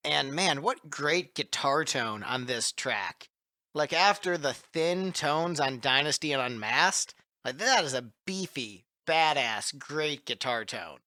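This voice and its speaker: A man's voice: on the high side, animated, takes it slowly, pushed and bright, no room sound, studio quality. A man co-hosting a casual music podcast, chatting enthusiastically and giving opinions. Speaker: podcast co-host. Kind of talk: casual panel chat about music.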